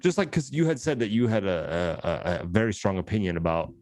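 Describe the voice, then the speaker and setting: A man with a New York accent, co-hosting a podcast in casual, profane, animated chat. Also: sits low, a little fast, no room sound, studio quality. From United States. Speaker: podcast co-host.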